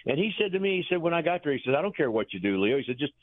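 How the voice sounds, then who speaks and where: A man, a former pitching coach, telling folksy, rambling anecdotes in an interview, chuckling as he goes. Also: sing-song, very fast, no room sound. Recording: tinny phone line.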